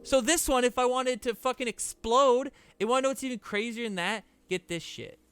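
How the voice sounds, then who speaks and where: A young man streaming games in casual chat, excitable and profane, often breaking into disbelieving exclamations. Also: very high-pitched, brisk, clear, resonant tone, soft background music. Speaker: gaming streamer.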